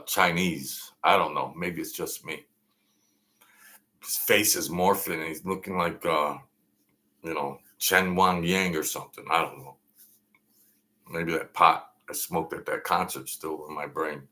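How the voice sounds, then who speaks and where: A man's voice: sits low, sharp tone. A man in his sixties from Brooklyn, hosting a casual late-night livestream chat and rambling through his opinions. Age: 60s. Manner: rambling, opinionated, reads out viewer names. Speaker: livestream host.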